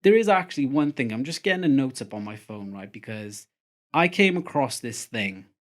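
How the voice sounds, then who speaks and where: A young man hosts a podcast in easygoing casual chat. He moves the talk along between topics in a mid-pitched voice. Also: big pitch swings, normal speed. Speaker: podcast host.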